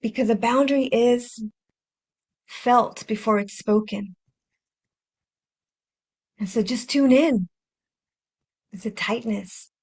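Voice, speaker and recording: A woman hosting a self-help podcast, speaking gently and reflectively, repeating phrases and acting out inner voices with sighs. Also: a little high, takes it slowly, pauses often, husky. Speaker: podcast host and healing coach.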